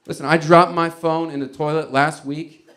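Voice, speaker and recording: A man's voice: fairly high pitch, little pitch movement, normal speed, a bit bright. Rambling stand-up comedian, man. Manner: rambling, conversational, laughing at his own bits. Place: comedy club stage before a live audience.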